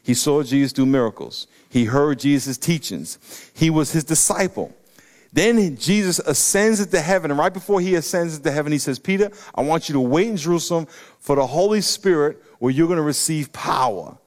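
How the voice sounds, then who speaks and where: A middle-aged pastor with a drawl delivers a sermon in a somewhat high voice. He preaches with excitable energy and now and then breaks into loud, emphatic bursts. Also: brisk.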